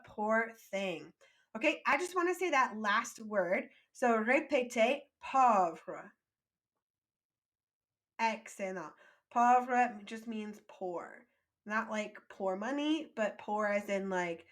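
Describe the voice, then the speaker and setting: Her mid-range voice is animated and a bit bright. She's giving a French vocabulary lesson, pacing each phrase slowly for repetition, then explaining it briskly in English and warmly praising the learners.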